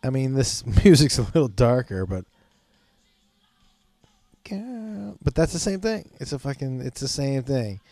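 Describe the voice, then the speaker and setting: A man's voice: mid-range voice, sing-song, measured pace, long pauses, mellow, no echo, faint music behind. A man hosting his podcast, rambling in a casual, profane, self-mocking way and often breaking into laughter. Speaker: podcast host.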